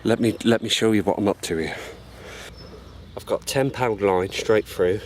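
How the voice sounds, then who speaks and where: A man's voice: lowish voice, normal speed, a little hiss or hum. Chatty man at a lake. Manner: chatty, explains step by step; whispers to keep quiet by the water. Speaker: fishing vlogger. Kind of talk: casual outdoor fishing vlog. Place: outdoors by a lake.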